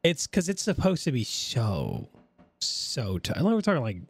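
A man, an army veteran guest, telling lively stories in casual podcast chat. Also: mid-range voice, breathy edge. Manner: lively storyteller, quick asides.

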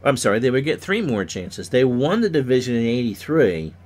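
A man's voice: very animated, fairly quick. Stuffy man calling baseball. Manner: rises loudly on hits, drops low for asides. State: stuffy from sneezing. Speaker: play-by-play commentator of a simulated game. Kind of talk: solo play-by-play commentary.

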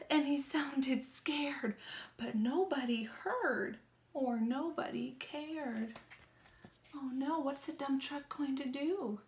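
A woman with a high voice reads a picture book to young children at a slow, careful pace. She is animated and sing-song and keeps stopping to ask her listeners questions. She records from a small room. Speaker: children's librarian. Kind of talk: children's story time reading with sign language.

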